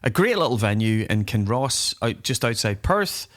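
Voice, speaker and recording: A man's voice: mid-range voice, sing-song, moderate pace, a bit bright. A man co-hosting a rock podcast, telling stories in a rambling casual chat full of ums and uhs. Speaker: podcast co-host.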